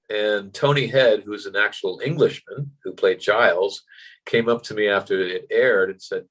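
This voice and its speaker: Male American actor, low register, animated storyteller, casual interview guest. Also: moderate pace, poor audio. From United States. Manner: animated, acts out voices in anecdotes, frequent fillers.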